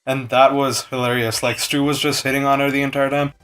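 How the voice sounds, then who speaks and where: A young man casually reviewing a TV episode with strong opinions, breaking into quick impressions of the characters. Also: medium pitch. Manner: chatty, opinionated, animated impressions. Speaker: TV show reviewer.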